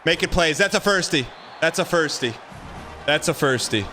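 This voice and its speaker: Bright-voiced man calling his own game. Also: fairly high pitch, normal speed, faint music behind. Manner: excitable, repeats phrases, talks to the players. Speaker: streamer. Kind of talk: live gameplay commentary.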